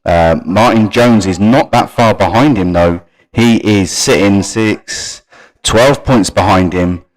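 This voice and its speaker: A man's voice: lowish voice, slow pace, rough recording. A man hosting a live gaming stream. He runs through league standings and stats and talks casually to his viewers. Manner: reads league stats off screen and chats to viewers. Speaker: stream host.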